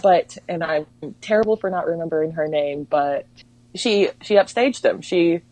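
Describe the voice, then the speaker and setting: A woman's voice: on the low side, moderate pace, dark tone, dry recording, low-quality recording. A woman talking as a podcast guest, chatting casually about movies in a playful, giggly way.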